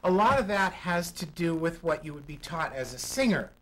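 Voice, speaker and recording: A man's voice: a little high, sing-song, moderate pace, a bit bright, rough recording. Man coaching public speaking, demonstrative. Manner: demonstrative, acts out vocal examples. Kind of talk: studio talk show guest explaining. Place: local TV studio.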